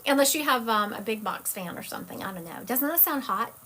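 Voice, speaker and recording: A woman's voice: fairly high pitch, expressive, a little fast, pushed and bright. Chatty Southern woman on a live stream. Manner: chatty, rambling, self-correcting. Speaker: psychic medium. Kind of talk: casual live-stream chat.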